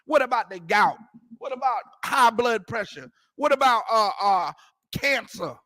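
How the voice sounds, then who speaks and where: A man's voice: very high voice, animated, unhurried, bright, forceful tone, no room sound, clean studio sound. A man teaching a scripture class in an emphatic, repetitive way, using street slang and firing rhetorical questions. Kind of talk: preaching scripture commentary.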